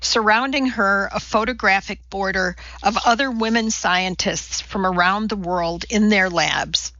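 A woman narrating a novel in an even storytelling voice, slightly muffled. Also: medium pitch, measured pace, no room sound. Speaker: audiobook narrator. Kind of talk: scripted narration.

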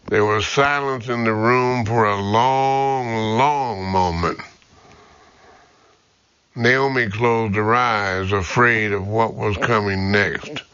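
A man narrating an audiobook in an unhurried, even storytelling manner. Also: fairly low pitch, smooth, no echo, lo-fi sound. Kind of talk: scripted narration.

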